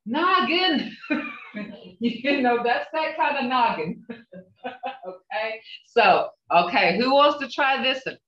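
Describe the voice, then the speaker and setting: A woman's voice: on the high side, lively intonation, slow, fairly bright tone, recorded from a distance. An older woman teaching a language class over a video call, coaching patiently and checking in with a frequent "okay?". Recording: muffled, echoey video call audio.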